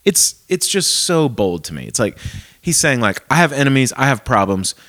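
A man in his forties, a pastor, chatting casually and acting out remembered conversations in a soft voice. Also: mid-range voice, sing-song, normal speed, no room sound. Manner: storytelling, acts out dialogue softly. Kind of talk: casual podcast chat.

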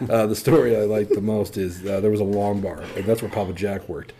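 A man's voice: fairly low pitch, steady tone, brisk, dark tone. A man hosting a podcast, telling bar stories casually, laughing often and swearing freely. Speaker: podcast host. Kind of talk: casual storytelling.

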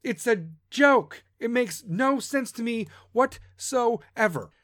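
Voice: mid-range voice, expressive, slow pace, fairly bright tone, no room sound, studio quality. A podcast host delivering a profane, combative political rant.

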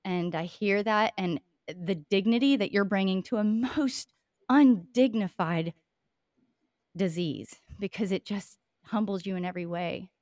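A woman's voice: medium pitch, unhurried, a little mellow, dry recording, clean studio sound. A woman hosting a podcast interview, speaking in an effusive, affirming way. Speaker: podcast host.

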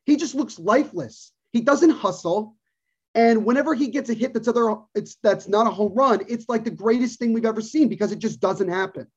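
A man's voice: extremely high pitch, brisk, husky. Man, podcast co-host, emphatic sports rant, repeats himself for stress, muffled lo-fi audio. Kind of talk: casual sports talk, opinionated rant.

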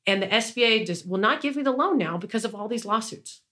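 A fast, animated woman with a sharp tone and a voice on the high side appears as an interview guest and business owner. Her storytelling is loose and rambling, full of "like" and restarts, with an indignant edge.

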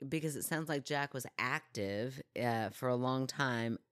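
A low-voiced woman in her thirties chats casually on a podcast, poking holes in her co-host's claims with a teasing laugh. The sound is close and dry, with no room around it. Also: measured pace, no room sound. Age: 30s. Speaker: podcast co-host, the skeptic. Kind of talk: casual chat.

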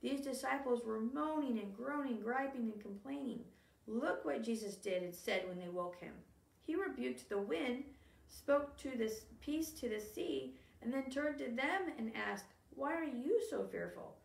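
A woman's voice: fairly high pitch, a little slow, vocal fry. A woman co-hosting a Bible study, reading a faith text aloud in an earnest, emphatic way. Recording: echoey room, voice a bit far from the mic.

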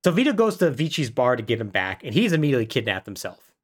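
A man co-hosting a podcast and recapping a game's story in casual chat, an animated storyteller. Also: mid-range voice, quick pace. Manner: animated storyteller, laughs often. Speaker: podcast co-host.

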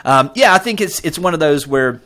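A man with a Southern US accent tells his story in casual interview chat. His pitch rises and falls widely as he gets going. He talks earnestly and keeps stopping to say um and you know. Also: fairly quick. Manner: earnest, animated storyteller with many fillers. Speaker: podcast guest.

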